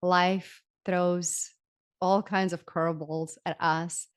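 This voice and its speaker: A woman's voice: lowish voice, level tone, slow pace, no room sound, studio quality. A woman hosting an interview, speaking in an uplifting, flowing way and repeating words for emphasis. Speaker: host. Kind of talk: inspirational interview talk.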